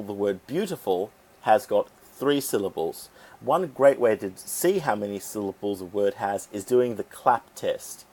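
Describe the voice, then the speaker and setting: A man teaching an English grammar lesson, explaining rules step by step and sounding out syllables deliberately. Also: medium pitch, background noise.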